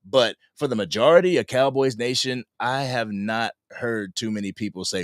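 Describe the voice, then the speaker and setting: A man hosting a live-stream sports fan podcast, talking in a slangy, animated way and reading out comments from the chat. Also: medium pitch, moderate pace, no room sound, clean studio sound. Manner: animated, slangy, laughs often. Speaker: podcast host.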